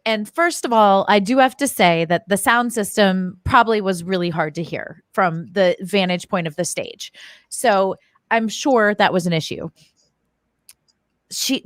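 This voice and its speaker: Female podcast guest, mid pitch, close dry sound, conversational and vivid. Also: dry recording. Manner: chatty and sympathetic, tells stories vividly. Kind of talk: casual chat.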